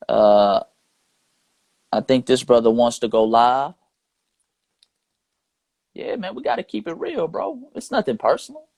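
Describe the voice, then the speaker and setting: A man's voice: mid-range voice, animated, unhurried, creaky, long pauses, a little mellow, no echo. A man hosting a live stream, talking in an emphatic, repetitive and rhetorical way. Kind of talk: casual live stream talk.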